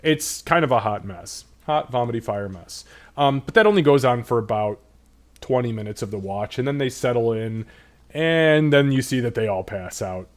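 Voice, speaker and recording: A man narrating as game master, in a relaxed, rambling way. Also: medium pitch, moderate pace. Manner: relaxed, rambling, with many fillers.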